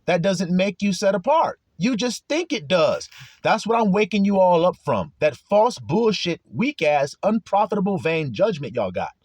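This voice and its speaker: Brief: high, lively male preacher, blunt and profane, keeps quizzing the listener. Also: normal speed, husky, dry recording. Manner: blunt, profane, teasing, rhetorical questions. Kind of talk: casual street sermon.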